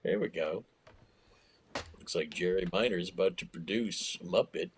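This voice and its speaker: A man's voice: low voice, normal speed, husky. A male comedian in casual podcast chat, teasing the others dryly.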